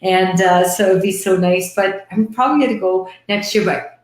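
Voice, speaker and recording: A woman with a Canadian accent hosting a live online chat, gushing and excitable in casual conversation. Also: medium pitch, roomy sound. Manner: gushing, excitable, quick to laugh.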